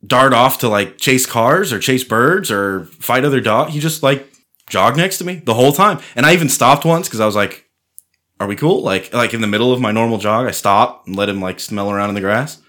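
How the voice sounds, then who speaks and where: A man's voice: mid-range voice, brisk, pushed and bright. A man chatting casually with friends, telling loose stories full of swearing and filler words. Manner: laid-back storyteller, swears freely, lots of "like". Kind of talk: casual chat.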